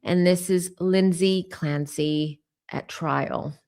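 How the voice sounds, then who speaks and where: A woman's voice: on the low side, takes it slowly, darkish tone. Emotional woman giving a psychic reading. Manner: emotional, conversational, many fillers and asides. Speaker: tarot reader.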